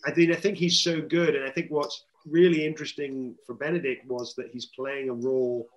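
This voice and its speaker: A male film director answers a press question in a chatty, story-telling way, acting out what others said to him. His voice sits at an ordinary middle pitch. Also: fairly even intonation, fairly quick, lo-fi sound. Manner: chatty, anecdotal, quotes others. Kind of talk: press interview.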